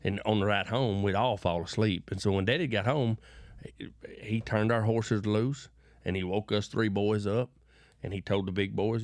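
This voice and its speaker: A man's voice: lowish voice, fairly even intonation, normal speed, no echo, clean studio sound. A middle-aged man from West Texas with a West Texas accent, telling rambling, folksy stories in an interview and often restarting his words. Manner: folksy, repeats and restarts words, preachy bursts. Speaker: interview guest. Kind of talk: rambling conversational storytelling.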